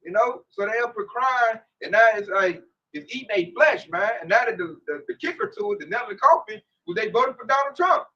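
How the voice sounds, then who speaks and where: A man leading a casual religious discussion, talking in a slangy, emphatic, animated way. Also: sits high, brisk, distant mic, highs cut off.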